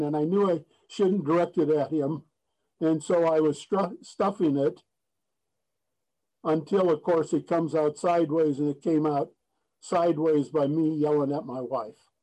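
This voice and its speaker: The recording is low-quality, carrying a man's slightly high voice with a dark tone. He gives earnest, plainspoken testimony about his life at a recovery meeting, often restarting and offering a folksy joke.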